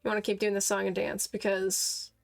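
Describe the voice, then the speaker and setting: A woman's voice: medium pitch, flat delivery, a little fast, gravelly, faint music behind, natural voice. Woman as a cool, pointed female detective. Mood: confronting.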